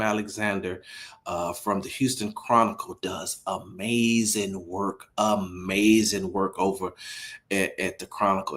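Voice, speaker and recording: A man hosting a casual sports talk livestream, animated and incredulous, repeating himself as he gets worked up. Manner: animated, incredulous, repeats himself, rising pitch when riled up. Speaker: host of a sports talk stream.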